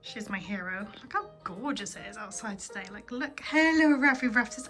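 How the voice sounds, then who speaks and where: A woman's voice: a little high, lively intonation, moderate pace, few pauses, fairly bright tone, soft background music. A woman, a homemaker and mother, chatting casually at home in a vlog, tired and rambling with plenty of ums.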